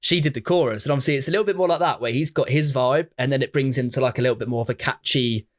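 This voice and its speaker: A man from England co-hosting a laid-back podcast, talking in a chatty, easygoing way. He swears casually and laughs often. His voice sits at a medium pitch. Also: racing. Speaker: podcast co-host. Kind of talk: casual chat.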